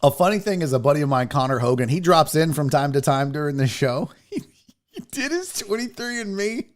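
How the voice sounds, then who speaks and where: A man's voice: sits high, sing-song, normal speed, fairly bright tone. A man hosting a casual live show, rambling profanely and reading viewer comments aloud. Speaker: host.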